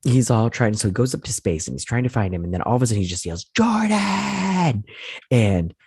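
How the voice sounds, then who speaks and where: Low, husky man rambling through a recap. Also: racing, a little mellow, no echo, clean studio sound. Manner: rambling, loose retelling full of "he's like" and "and everything"; self-correcting, unsure of details. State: sleepy, yawning. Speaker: host of a TV review channel. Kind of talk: casual episode recap and review.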